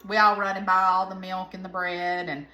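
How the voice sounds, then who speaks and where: Southern woman, home cooking vlog, bright voice, rambling chatty asides, echoey kitchen. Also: fairly low pitch, level tone, normal speed. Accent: Southern American. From American South.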